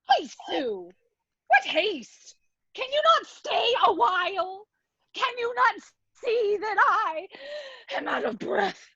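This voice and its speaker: A woman acting an old, weary nurse with aching bones in an amateur Shakespeare reading, groaning and teasing in a slow, drawn-out way over a video call. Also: high-pitched, animated, a bit bright, slightly rough, no echo, full character voice. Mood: complaining. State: acts out of breath. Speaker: actor in an online Shakespeare reading. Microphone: video call microphone. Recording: dull lo-fi video call audio.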